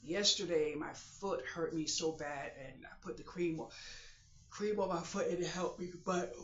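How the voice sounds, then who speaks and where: A vlogger talking in a halting, confiding way on a late-night personal video, holding back tears. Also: mid-range voice, steady tone, a bit bright, roomy sound, lo-fi sound, slight background noise.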